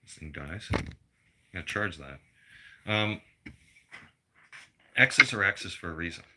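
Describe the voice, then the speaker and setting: A man's voice: low voice, expressive, slow pace, very noisy. A middle-aged man delivering a blunt, profane personal rant to his viewers. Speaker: vlogger.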